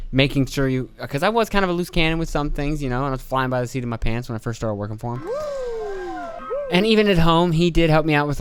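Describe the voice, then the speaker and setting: A man's voice: medium pitch, clear, resonant tone, dry recording. A young man hosting a solo podcast, ranting and swearing, acting out other people's lines in mocking voices. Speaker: podcast host.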